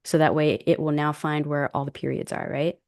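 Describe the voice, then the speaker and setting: A woman with African American English chatting casually as a guest creator, relaxed and self-deprecating, laughing often as she explains. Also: deep voice, a little fast, vocal fry. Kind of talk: casual tutorial chat.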